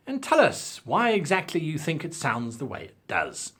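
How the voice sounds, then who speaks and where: A South African man hosts an advice video with precise, British-leaning pronunciation. His delivery is theatrical, leaning hard on key words, with a lively, swooping pitch. There is a slight huskiness to his voice. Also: moderate pace, few pauses, husky. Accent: South African English, with crisp British-style diction. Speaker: channel host. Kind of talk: talking-head advice video.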